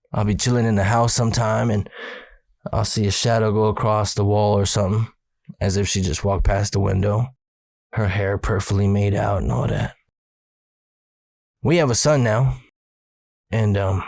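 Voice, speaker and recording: Gravelly man in his forties telling a ghost story. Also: lowish voice, darkish tone, no echo, studio quality. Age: 40s. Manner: profane, conversational retelling of a ghost story. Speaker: podcast host. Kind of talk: casual personal storytelling.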